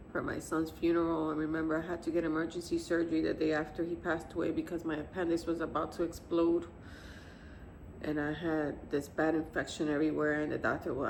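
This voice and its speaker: A woman in her fifties, a grieving mother, telling the story of her son's death to camera in a soft, halting, tearful way. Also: low-pitched, vocal fry, slight background noise. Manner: soft, halting, tearful retelling with quiet pauses. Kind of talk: emotional personal testimony to camera.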